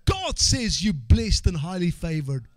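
High-voiced preaching man, shouting and hushing. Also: sing-song, unhurried, no room sound. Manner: swings from quiet asides to shouted call-and-response exhortation; repeats phrases and calls for amens. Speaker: pastor. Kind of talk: sermon.

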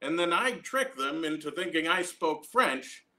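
A young man with a Canadian accent doing a stand-up set from home, telling a long story with deadpan asides and frequent tag questions. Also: on the high side, unhurried. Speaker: stand-up comedian.

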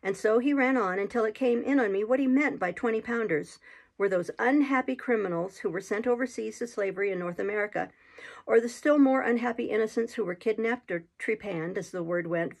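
A woman reading a classic adventure novel aloud in a steady, measured storytelling manner. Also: medium pitch. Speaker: reader.

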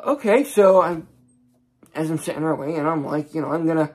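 A man's voice: on the high side, steady tone, fairly quick, darkish tone. A young man telling a personal story in a casual vlog, rambling along with many restarts and voicing the people he talks about. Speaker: vlogger.

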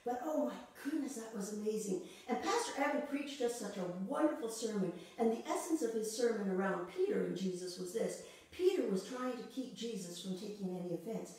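Woman pastor preaching, acts out the voices, lots of church echo, sounds a bit far off. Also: mid-range voice. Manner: expressive, acts out quoted voices, repeats words. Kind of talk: sermon. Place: church sanctuary. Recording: echoey church hall from far off.

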